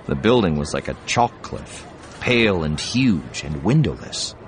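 Deep, expressive male audiobook narrator. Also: slight background noise. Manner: measured, expressive reading. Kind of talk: scripted narration.

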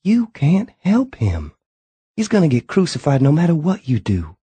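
A man's voice: wildly swooping pitch, normal speed, warm tone, slightly rough, no room sound, full character voice. A man voicing a young wife who is pleading and bitter, raising his voice for her. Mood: imploring. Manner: pleading, then sarcastic and shrill.

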